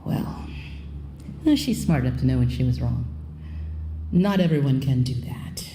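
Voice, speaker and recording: Woman storyteller, lively pitch, mellow timbre, live stage tale, faint hiss behind. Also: normal speed. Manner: expressive, swoops in pitch, drops to a hush. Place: theater stage before an audience.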